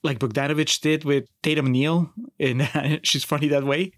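A man's voice: on the high side, fairly even intonation, moderate pace, dry recording, clean studio sound. A man co-hosting a casual film podcast, chatty and enthusiastic, asking his partner questions. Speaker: podcast co-host.

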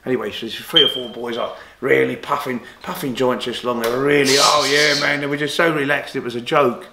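Man, interview guest telling rambling anecdotes, mid pitch, echoey room. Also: fairly quick, heavy background noise. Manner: rambling anecdotes with many restarts, animated when quoting others. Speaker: interview guest, former boxer and golfer. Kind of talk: casual storytelling interview.

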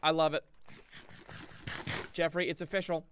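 A man's voice: fairly high pitch, measured pace, background noise. A young man giving playful, goofy live commentary while streaming a game and chatting with viewers. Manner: playful, goofy, jokes with chat; excitable, shifting energy. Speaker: gaming streamer.

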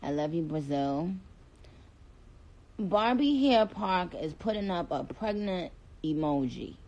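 A woman's voice: lowish voice, expressive, slow pace, a little mellow, lo-fi sound. A woman from Trinidad chatting playfully with viewers on a phone livestream, talking straight to them from a dim room. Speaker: livestream host. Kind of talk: casual livestream chat to viewers.

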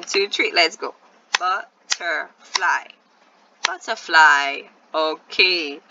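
A woman's voice: lowish voice, sharp tone, muffled recording, a little hiss or hum. A woman teaching a first-grade video lesson, patiently sounding out words syllable by syllable and encouraging her young viewers.

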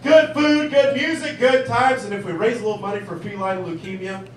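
A man's voice: high-pitched, fairly quick, lightly acted. A man playing a cheesy hotel ballroom emcee with smarmy showbiz patter in a stand-up bit. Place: small comedy club. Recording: echoey club from far off, crowd laughing.

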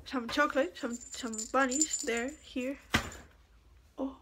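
A woman's voice: high voice, steady tone, slow pace, background noise. A young woman whose first language is Spanish, chatting casually to her vlog audience and repeating words as she thinks aloud. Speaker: vlogger.

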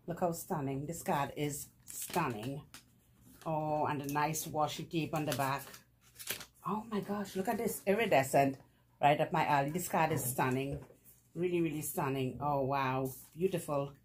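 Low, slow-talking woman gushing over mail. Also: slight background noise. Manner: effusive, repeats praise words, laughs often. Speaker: vlogger opening fan mail. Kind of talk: casual unboxing chat.

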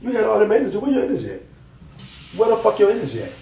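A man ranting on a live stream, loud, taunting and profane, laughing often. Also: high-pitched, wildly swooping pitch, racing, vocal fry, echoey room, far from the mic, a little hiss or hum, rough recording. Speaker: social media personality.

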